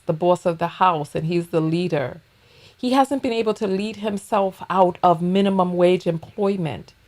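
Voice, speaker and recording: A woman's voice: mid-range voice, a little mellow. A woman hosting a reaction video, giving blunt, mocking, profane commentary as she takes down her braids at home.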